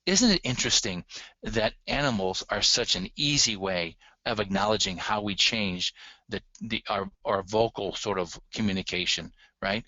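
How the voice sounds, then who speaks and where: A man's voice: on the low side, moderate pace, sharp tone, no room sound, lo-fi sound. A man giving a recorded lecture on relationship communication, earnest and emphatic, speaking straight to his audience.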